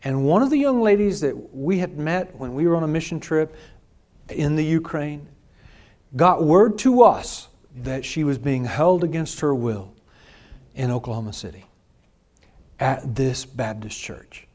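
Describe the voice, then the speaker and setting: A man's voice: fairly high pitch, animated, measured pace, darkish tone. A male pastor preaching a sermon, telling a personal story in an emphatic, conversational way.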